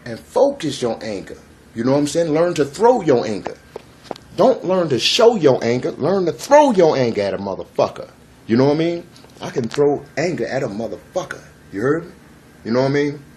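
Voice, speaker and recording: A man's voice: fairly high pitch, sing-song, a little fast, a little mellow, slight background noise. A man giving a freewheeling spiritual monologue to camera, profane and emphatic, repeating phrases and using street slang. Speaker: spiritual vlogger.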